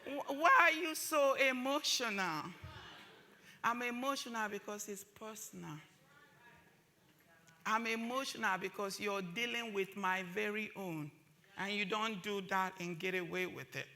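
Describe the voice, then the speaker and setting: A woman's voice: mid-range voice, moderate pace, bright, forceful tone. A woman giving an impassioned talk at a summit, driving points home by repeating phrases. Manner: emphatic, repeats phrases for force. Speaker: summit speaker.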